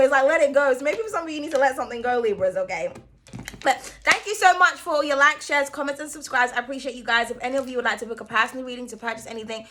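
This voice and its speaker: A woman's voice: high voice, fairly bright tone. A young woman giving a casual tarot reading to her viewers, playful and loose, swearing freely and calling them darling. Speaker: tarot reader.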